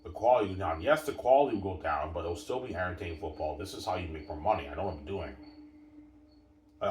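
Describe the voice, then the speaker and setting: Man, very low voice, rambling emphatic monologue, repetitive, roomy echo, distant mic. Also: quick pace, darkish tone, slight background noise. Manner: repetitive, emphatic, keeps saying obviously and addressing viewers. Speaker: sports commentator.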